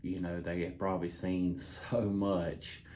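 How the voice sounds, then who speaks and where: Very deep-voiced man, slow and halting. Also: flat delivery, a little mellow. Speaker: husband, the patient. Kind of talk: casual sit-down storytelling.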